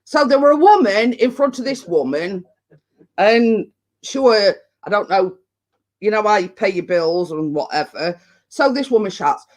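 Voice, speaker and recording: A woman hosts a casual chat from home. She tells rambling stories at an unhurried pace and laughs often. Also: mid-range voice, expressive. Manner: rambling anecdotal storytelling with frequent laughter. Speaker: host of a live chat stream. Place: at home indoors.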